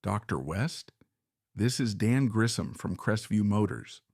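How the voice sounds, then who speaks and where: A man voicing a middle-aged car dealership manager who speaks in a measured, apologetic way in a narrated story. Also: on the low side, darkish tone, dry recording, studio quality.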